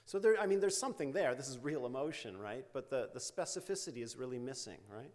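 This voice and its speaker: A man's voice: medium pitch, lively intonation, fast talker, darkish tone. A middle-aged man giving an academic lecture in a university hall, talking loosely with fillers and "right?" tag questions. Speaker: invited lecturer, psychology researcher. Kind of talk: academic lecture with quoted therapy examples.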